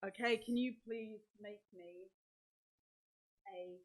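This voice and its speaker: A woman's voice: medium pitch, steady tone, slow. A woman narrating as dungeon master, describing scenes vividly and talking through the rules aloud. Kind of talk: narrating a tabletop game.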